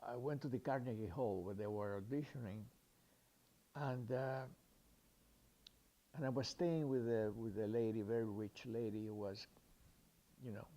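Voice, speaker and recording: Older man with a mellow voice, rambling. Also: mid-range voice. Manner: rambling, with fillers and restarts, acts out the people he quotes. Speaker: storyteller. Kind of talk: recounting a personal anecdote.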